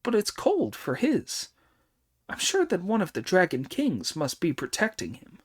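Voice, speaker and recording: Guy doing a hot-headed monkey hero, yelling high and loud, storybook reading. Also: huge pitch swings, unhurried, heavily acted. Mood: suspicious. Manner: shouting taunts, loud and high. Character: brash immortal monkey hero, hot-tempered.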